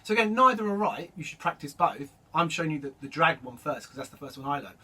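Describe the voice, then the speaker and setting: A man's voice: a little high, fast, breathy edge. Man teaching drum rudiments. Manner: relaxed, explanatory, counts sticking aloud. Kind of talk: instructional demonstration. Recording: distant mic with loud drum noise.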